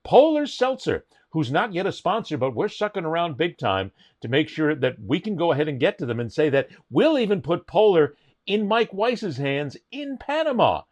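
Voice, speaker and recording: A man co-hosts a sports talk podcast, his pitch swinging widely as he jokes his way through plugs and banter. His talk is casual and playful. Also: normal speed. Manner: animated, jokey promo patter. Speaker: podcast co-host.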